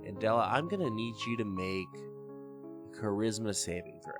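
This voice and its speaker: A man narrating a tabletop role-playing game as game master in slow, measured storytelling. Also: fairly low pitch, lively intonation. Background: background music.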